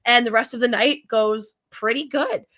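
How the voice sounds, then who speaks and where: A woman's voice: on the high side, normal speed, a bit bright. A woman running a tabletop game as game master, narrating in a chatty way full of fillers and easy laughter.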